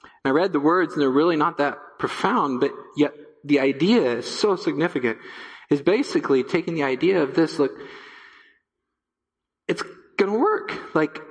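Emphatic preaching man in a reverberant church. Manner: emphatic, repeats key phrases, drops to a low hush. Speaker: pastor. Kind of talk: sermon. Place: church sanctuary.

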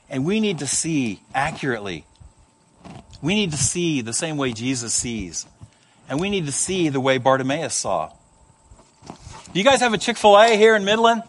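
A man preaching a sermon to a congregation, animated, acting out the voices he quotes and adding humorous asides. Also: fairly high pitch, moderate pace, long pauses. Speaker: pastor. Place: church service before a congregation.

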